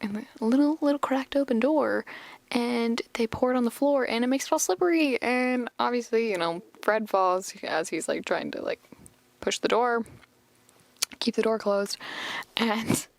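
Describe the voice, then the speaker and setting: A woman's voice: fairly high pitch, moderate pace, creaky, dry recording. A young woman hosting a podcast, recapping a cartoon episode in a rambling, chatty way full of fillers. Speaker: podcast host.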